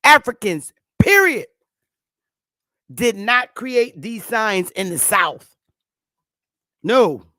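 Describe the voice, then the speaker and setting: Woman host going off on a slow blunt profane rant, dry close sound, no room echo. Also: fairly high pitch, very animated, pushed and bright. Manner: emphatic, blunt, profane, preachy. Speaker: commentary host. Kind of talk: impassioned commentary monologue.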